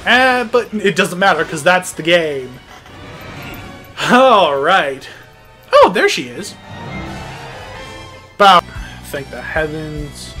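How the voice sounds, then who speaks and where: A gameplay commentator talking casually over a video game, excitable and sarcastic, often breaking into laughter. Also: mid-range voice, slow pace, pauses often, soft background music. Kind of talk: casual let's-play commentary.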